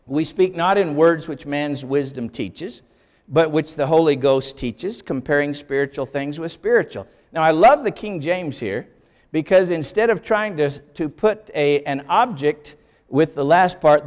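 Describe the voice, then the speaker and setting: An older man giving an emphatic classroom lecture on the Bible, explaining step by step and asking for the next slide. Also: a little high. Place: lecture hall. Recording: long hall reverb.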